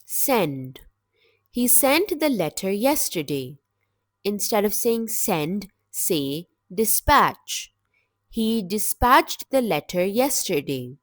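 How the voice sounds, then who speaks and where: Slow, lively-voiced woman teaching vocabulary. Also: medium pitch, no room sound, studio quality. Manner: measured, clear word-by-word delivery. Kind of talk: slow, deliberate scripted vocabulary lesson.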